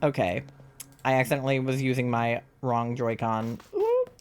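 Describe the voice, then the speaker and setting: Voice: mid-range voice, huge pitch swings, normal speed, darkish tone, a little hiss or hum. Chatty streamer with mild Southern accent. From Southern United States. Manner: chatty, loose and swearing, often laughing. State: sore throat. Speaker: live streamer. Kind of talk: casual live-stream chat while gaming.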